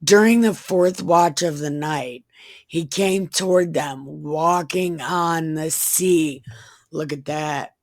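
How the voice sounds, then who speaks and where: A woman giving an irreverent comedic Bible reading, mixing deadpan recitation with crude joking asides. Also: low voice, slow pace, no echo. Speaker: comedic scripture reader.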